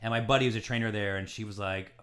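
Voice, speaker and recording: A man's voice: on the low side, steady tone, fast talker, fairly bright tone. A male comedian in casual podcast chat, telling awkward stories about himself with lots of stammered restarts. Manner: stammering restarts, self-deprecating.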